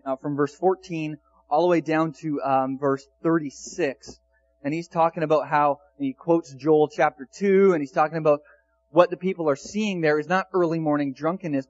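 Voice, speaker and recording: A man preaching in a loose, chatty way and reading scripture aloud between his asides. His voice sits a bit high for a man. The recording sounds dull and lo-fi. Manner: conversational, chatty with fillers. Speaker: pastor. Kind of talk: casual sermon with scripture reading.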